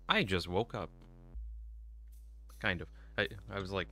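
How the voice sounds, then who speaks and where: A man's voice: low voice, sing-song, normal speed, pauses often, bright, forceful tone, faint music behind. A man streamer chatting casually at home, laid-back and rambling with lots of fillers. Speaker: game streamer. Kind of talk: casual live-stream chat.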